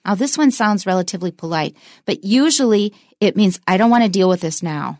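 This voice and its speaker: Female English teacher, clear examples, dry close mic. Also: fairly low pitch, lively intonation, a little mellow, dry recording. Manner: slow, emphatic example sentences. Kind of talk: bilingual English lesson.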